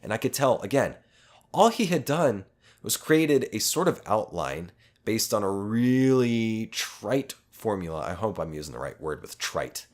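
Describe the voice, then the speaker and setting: A man's voice: on the low side, big pitch swings, a little slow. A man hosting a podcast, telling a long story in a rambling, casual way with lots of swearing and self-aware asides. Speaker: podcast host.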